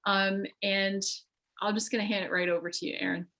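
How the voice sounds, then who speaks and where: A woman's voice: medium pitch, flat delivery, fairly quick, bright, forceful tone. A woman co-hosting a video call, emotional and encouraging toward the guest. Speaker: co-host. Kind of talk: casual chat on a video call.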